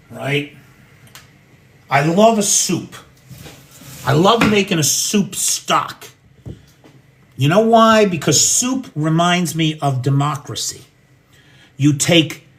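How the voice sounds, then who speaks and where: Slow-talking, profane American man. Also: fairly high pitch, fairly bright tone. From United States. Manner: blunt, profane, ranting. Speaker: livestream host. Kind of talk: casual livestream chat while cooking. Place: home kitchen.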